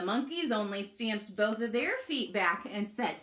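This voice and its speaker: A woman's voice: mid-range voice, animated, measured pace, a bit bright, a little hiss or hum. A woman reading a children's picture book aloud, coaxing young listeners to join in with questions and actions. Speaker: children's story reader.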